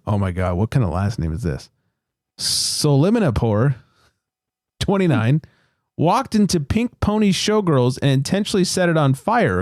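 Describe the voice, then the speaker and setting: A man's voice: medium pitch, darkish tone, dry recording, studio quality. Laid-back man reading beer news. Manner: laid-back, joking, swears casually. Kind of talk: casual podcast chat.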